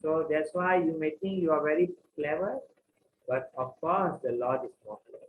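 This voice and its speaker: A man teaching a scripture class, retelling the story in simple, repetitive, halting sentences. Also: a little high, phone-quality sound, slight background noise. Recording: echoey room with faint ambience.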